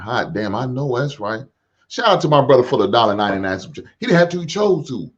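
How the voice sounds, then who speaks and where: A man's voice: mid-range voice, big pitch swings, fast. A middle-aged man hosting a reaction show, riffing in casual slangy banter and laughing along.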